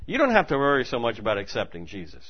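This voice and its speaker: A man preaching with a very lively, rising and falling voice that swings from hushed to loud and emphatic. The sound is dull and lo-fi. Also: medium pitch, fast. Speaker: pastor. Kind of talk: sermon.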